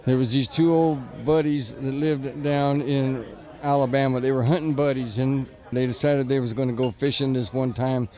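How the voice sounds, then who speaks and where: A man's voice: medium pitch, steady tone, moderate pace, warm tone. A man telling a joke about two hunting buddies in a folksy storytelling manner.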